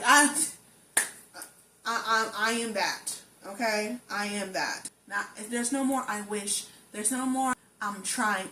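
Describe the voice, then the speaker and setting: A woman's voice: mid-range voice, sharp tone. A young adult woman vlogging, talking earnestly and affirming herself, repeating phrases for emphasis. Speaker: lifestyle vlogger. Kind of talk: personal reflective monologue. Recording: echoey room with faint ambient noise.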